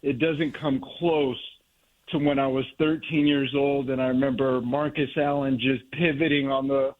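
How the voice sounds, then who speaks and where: A middle-aged man from the Monterey Bay area calling into a radio show, talking in a heartfelt, slow and reflective way. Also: medium pitch, little pitch movement. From Monterey Bay area, California. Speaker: caller. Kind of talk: call-in reminiscing. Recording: tinny phone line.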